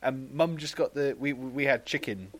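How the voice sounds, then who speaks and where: A man's voice: medium pitch, normal speed, fairly bright tone. A man in his twenties, a bit tipsy on mulled wine, rambling through a story in casual chat and laughing often. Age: 20s.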